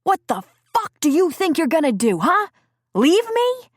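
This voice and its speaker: A woman voicing a violent, abusive man who shouts and sneers in an audiobook scene. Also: mid-range voice, moderate pace, no room sound, clean studio sound, voice pushed up, natural voice. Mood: enraged.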